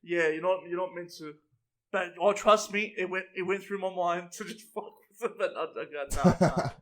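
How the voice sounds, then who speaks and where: A man's voice: sits high, normal speed. A young man chatting casually, telling a laid-back story. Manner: relaxed, laid-back storytelling, says bro a lot.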